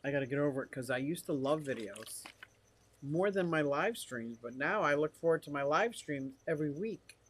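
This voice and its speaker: A man's voice: on the high side, animated, normal speed, fairly bright tone, husky. An older man live-streaming from his fish room, rambling casually and reading comments from the chat aloud.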